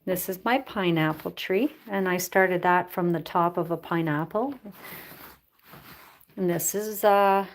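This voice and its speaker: Female vlogger, unhurried, casual home chat with cooing pet talk. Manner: coos in high baby talk to her birds. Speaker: pet bird keeper and vlogger. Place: indoors at home among plants and birds.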